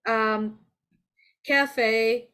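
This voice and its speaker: Woman, Vietnamese accent, English teacher, video call, slow, patient, encouraging. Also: a little high, fairly even intonation, a bit bright, smooth. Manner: patient, encouraging, calls on students by name. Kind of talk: online class teaching.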